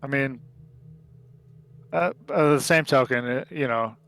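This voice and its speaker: A man runs a tabletop game at a slow, halting pace, full of pauses and fillers. His pitch sits mid-range, and faint music plays under him. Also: fairly bright tone, no echo. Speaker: game master.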